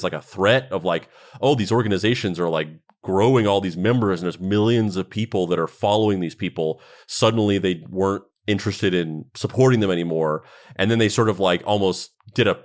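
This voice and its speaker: A man co-hosting a podcast in casual chat, rambling with lots of fillers and restarts. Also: low voice. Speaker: podcast co-host.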